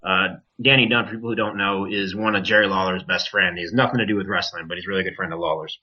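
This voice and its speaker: Low-pitched and quick, this man is a wrestler guesting on a podcast, telling a story in a relaxed but lively way. He curses and acts out the quoted voices of others, and the audio sounds dull and lo-fi.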